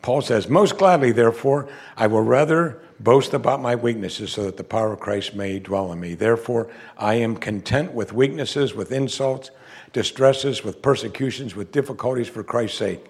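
A man's voice: medium pitch, moderate pace, darkish tone. A man preaching a sermon who reads scripture aloud and presses his listeners with emphatic rhetorical questions.

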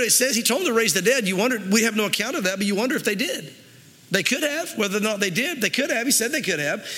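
A man's voice: high-pitched, pushed and bright, big-room sound. A man preaching a sermon as pastor, earnest and conversational, with restarts and asides, in a church.

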